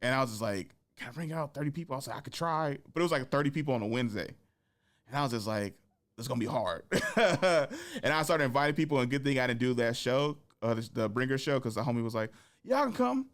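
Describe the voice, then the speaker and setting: A male comedian hosting his own show, with a smooth, clear voice. He tells stories animatedly, slipping into the voices of the people he quotes. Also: mid-range voice, quick pace. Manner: animated, acts out quoted voices, laughs often. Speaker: podcast host and stand-up comedian. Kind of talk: casual storytelling chat.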